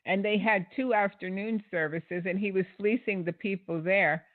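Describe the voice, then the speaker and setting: A man's voice: sits high, steady tone, moderate pace, no room sound. A man hosting an online show, giving critical commentary in an indignant, sarcastic way with many fillers. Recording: dry, tinny phone-like sound.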